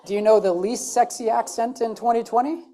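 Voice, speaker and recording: A woman's voice: a little high, fairly even intonation, brisk, warm tone. A woman from the American Midwest with a Midwestern accent, giving a chatty, joking conference talk on stage. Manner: chatty, joking and self-deprecating. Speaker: conference speaker.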